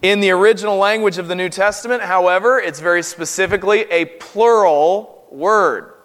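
Southern us preacher guy, earnest and emphatic, slowing down to stress points, kinda high voice, echoing church. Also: a bit bright. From North Carolina. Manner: earnest, emphatic, deliberate pacing. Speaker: guest preacher. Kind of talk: sermon. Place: church sanctuary. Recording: long hall reverb.

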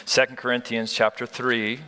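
A man preaching a sermon as a pastor, earnest and animated, often restarting his sentences as he works up his point. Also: medium pitch, normal speed, smooth. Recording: long hall reverb.

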